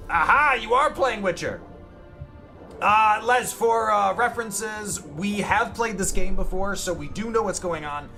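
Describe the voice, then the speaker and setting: Excitable high-voiced male game streamer. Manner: excitable, chats to viewers, yelps at the action. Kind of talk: casual live-stream gaming commentary.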